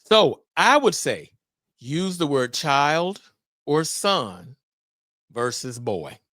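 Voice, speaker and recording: A middle-aged man hosting a solo podcast on fatherhood, talking in an animated, preacher-like way with exclamations. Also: on the high side, very slow, no room sound, clean studio sound. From Memphis area, US. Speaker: podcast host.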